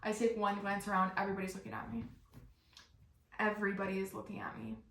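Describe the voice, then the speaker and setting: Young woman doing storytime, animated and cussing a lot, kinda echoey room. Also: mid-range voice, fast talker, vocal fry, slight background noise. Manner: animated, profane, laughing at herself. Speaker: podcast host. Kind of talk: comic storytime monologue. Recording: roomy echo.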